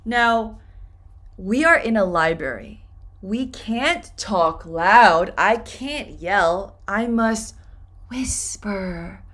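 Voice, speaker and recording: A woman teaches English pronunciation at a very slow, deliberate pace. She says each word twice and stretches it out clearly for learners. Her pitch rises and falls in a lively, animated way. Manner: repeats words slowly and clearly for learners.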